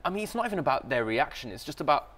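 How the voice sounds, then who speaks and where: A man's voice: fairly high pitch, very animated, very fast, fairly bright tone. A young man, an actor guest reflecting casually in an interview and laughing easily.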